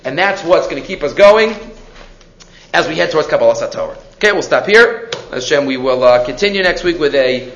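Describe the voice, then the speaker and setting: A man teaching a weekly Torah class, animated and acting out the voices of the people in the text. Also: on the high side, fairly quick, slight background noise. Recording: echoey room, dull lo-fi sound.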